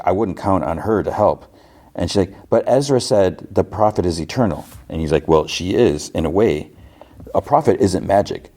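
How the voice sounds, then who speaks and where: This male podcast host has a low-pitched, warm tone as he retells a TV episode scene by scene in a casual way. Along with loose quotes from the characters, he adds asides of his own.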